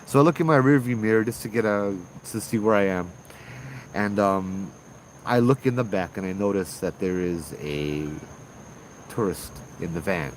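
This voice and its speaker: A man with a Hawaii local accent tells a ghost story in a relaxed, casual way, his voice sitting fairly low. He is animated and slips into the voices of the people in the tale. Crickets chirp faintly behind him. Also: normal speed, slight background noise, low-quality recording. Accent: Hawaii local English. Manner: animated, acts out voices in dialogue. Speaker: ghost tour guide and storyteller.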